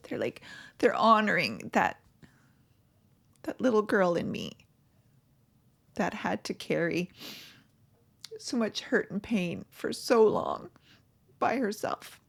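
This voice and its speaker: Woman, middle-aged, coach, tearful, emotional, halting, sighs, breathy asides, reflective monologue. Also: mid-range voice, expressive. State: tearful, crying. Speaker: podcast host and coach.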